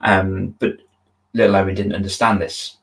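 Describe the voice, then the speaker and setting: A man's voice: low voice, level tone, moderate pace, rough recording. A man, a confidence coach hosting a video-call interview, telling stories earnestly and with feeling, often restarting his sentences. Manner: earnest, emotional storytelling with many restarts. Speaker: confidence coach, podcast host. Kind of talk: conversational interview, storytelling.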